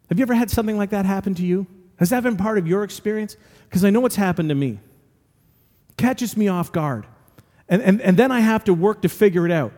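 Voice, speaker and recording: This male pastor's voice is high-pitched and animated with a darkish tone, and he speaks at normal speed. He delivers his sermon through earnest storytelling, repeating phrases for emphasis, while a large hall lends a long reverb.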